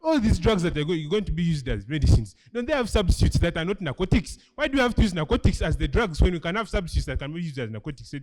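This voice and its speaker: A young man with a Ugandan English accent delivers a competitive debate speech at a rapid clip. His voice sits high for a man, and he presses each point emphatically, returning again and again to the audience. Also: very animated. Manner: emphatic, keeps repeating "ladies and gentlemen". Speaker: school debater, first speaker for the opposition.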